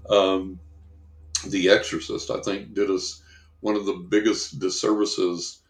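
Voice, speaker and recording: Guy on a podcast telling psychic stories, kinda low voice, echoey room. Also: slow. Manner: animated, acts out quoted voices; casual chatty. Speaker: guest psychic. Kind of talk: casual storytelling.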